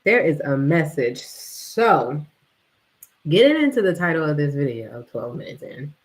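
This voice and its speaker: Casting: woman vlogger, low-ish voice, unhurried, slangy and laughing storyteller. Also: low-quality recording. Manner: animated, laughs often, slangy. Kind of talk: casual storytelling monologue.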